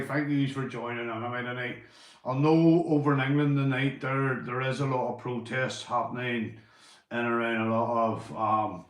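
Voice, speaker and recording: A man's voice: mid-range voice, a bit bright. A Northern Irish man chatting casually on a livestream, rambling, repeating himself and swearing casually. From Northern Ireland. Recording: echoey room.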